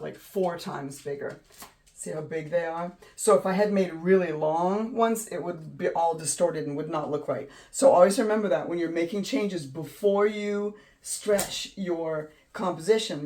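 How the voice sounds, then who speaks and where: A woman hosting a casual painting tutorial, gushing and excitable, often trailing off mid-sentence. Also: lowish voice, a little slow. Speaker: art channel host. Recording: voice a bit distant from the mic.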